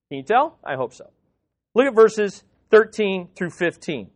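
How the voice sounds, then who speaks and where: A man's voice: sits high, lively intonation, normal speed. A man preaching an expository sermon, reading scripture aloud and explaining it emphatically, with frequent questions to the congregation. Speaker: pastor.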